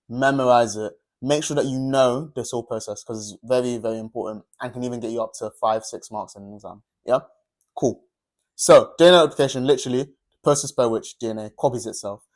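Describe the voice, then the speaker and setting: A man's voice: mid-range voice, a little mellow. A young man teaching a revision lesson over slides, upbeat and chatty, often checking in with "yeah?". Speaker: tutor.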